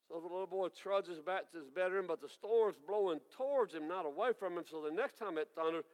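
A man's voice: sits high, a little fast, few pauses, long reverb tail, rough recording. Folksy preacher in his sixties. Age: 60s. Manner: folksy, animated storytelling. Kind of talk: storytelling sermon.

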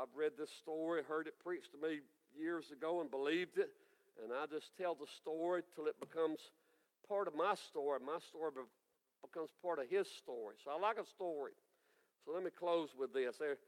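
A man's voice: on the high side, big-room sound, low-quality recording. Folksy preacher in his sixties. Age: 60s. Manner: folksy, animated storytelling. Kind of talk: storytelling sermon.

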